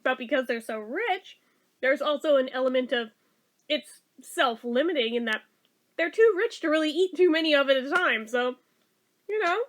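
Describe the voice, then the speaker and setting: A woman vlogger giving a casual taste-test review, chatty, sometimes talking while chewing. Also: sits high.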